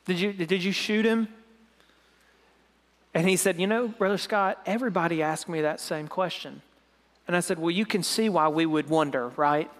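This man preaches at a brisk clip, recounting a dramatic tale the way a sermon would and softening to a low voice when things turn emotional. The recording carries a long hall reverb.

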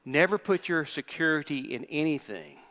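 A man's voice: on the high side, animated, normal speed, bright, forceful tone. A man in his sixties, a pastor delivering a sermon, emphatic, repeating phrases and putting questions to the congregation. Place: church sanctuary. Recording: long hall reverb from church.

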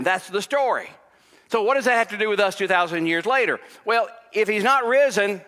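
A male pastor preaching a sermon, with emphatic stress that at times drops to a hushed tone. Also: high-pitched. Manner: emphatic, rises to near shouting, then drops to a hushed tone. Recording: long hall reverb.

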